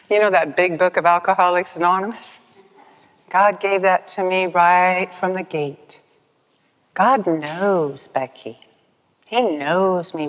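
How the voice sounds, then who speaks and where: An older woman speaking at a recovery meeting, telling her story in a lively, self-mocking way and laughing often. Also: fairly low pitch. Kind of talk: personal storytelling talk. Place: meeting hall with podium. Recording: dull, echoey hall recording.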